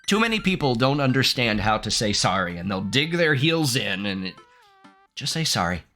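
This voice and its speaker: A man in his thirties doing let's play commentary, reading game text aloud, animated and candid, laughing often. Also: medium pitch, moderate pace, soft background music. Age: 30s. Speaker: gaming streamer.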